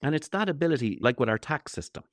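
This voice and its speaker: A man's voice: medium pitch, very animated, fast talker, no echo. A middle-aged Irish man, a comedian guest in an interview, talking in a jokey, rambling way and acting out quoted voices. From Ireland. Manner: jokey, rambling, playful asides. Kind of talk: animated interview chat.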